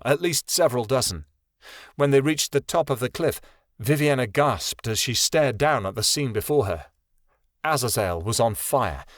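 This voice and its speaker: Male fantasy narrator, steady and even, mid pitch, dry booth sound. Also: no room sound. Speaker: audiobook narrator. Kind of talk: scripted narration.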